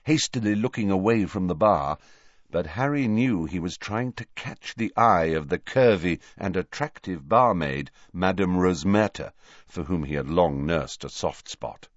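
A man narrating an audiobook with expressive storytelling. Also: low-pitched, a little slow, dry recording, dull audio.

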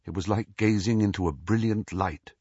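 A man reading an audiobook as narrator, in a measured storytelling way. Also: low voice, darkish tone, breathy edge, dry recording. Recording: dull, slightly muffled dry audio.

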